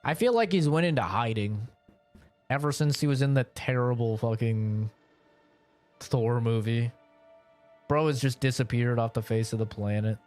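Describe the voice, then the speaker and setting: A man's voice: medium pitch, darkish tone. A young man streaming and chatting casually, rambling and joking with a lot of swearing. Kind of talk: casual chat.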